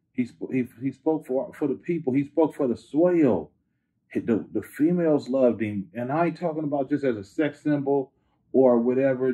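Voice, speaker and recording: A man's voice: mid-range voice, mellow, slightly rough. A man being interviewed who talks in a laid-back, slangy way, full of "you know what I'm saying". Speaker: interview guest, rapper. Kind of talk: casual interview storytelling. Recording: phone-like narrow band.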